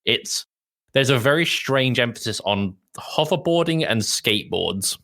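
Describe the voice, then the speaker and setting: Amused British man, bright low voice. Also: lively intonation, a little slow. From Britain. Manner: amused, laughs often, easygoing. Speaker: podcast co-host. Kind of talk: casual chat, film review.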